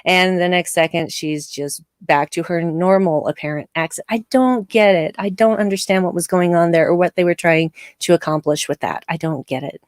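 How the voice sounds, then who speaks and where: A woman hosting a live discussion show, giving opinionated, animated takes with laughing asides. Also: lowish voice, normal speed, hardly any pauses, no echo, clean studio sound. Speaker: show host.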